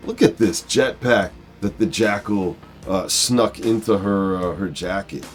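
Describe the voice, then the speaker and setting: A man hosting a casual comic book review, talking in a halting way with many fillers. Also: deep voice, faint music behind. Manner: halting, full of uh and um. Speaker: comic book video host.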